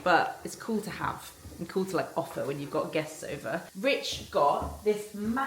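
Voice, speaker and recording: A woman's voice: fairly low pitch, expressive, moderate pace. A woman, chatting casually to camera for her vlog at home, bubbly and rambling. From London. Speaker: vlogger. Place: home kitchen. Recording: echoey kitchen with background noise. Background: cooking sounds.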